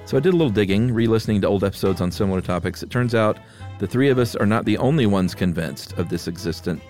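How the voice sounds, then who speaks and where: Relaxed podcast co-host, low voice. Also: male voice, fast talker, faint music behind. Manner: relaxed, laughs easily. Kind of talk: casual chat, reading listener mail.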